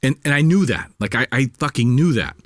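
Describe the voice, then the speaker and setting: A man's voice: medium pitch, a little fast, no echo, clean studio sound. Profane, heated storytelling man. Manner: heated, profane, animated retelling. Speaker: podcast co-host. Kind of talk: casual storytelling chat.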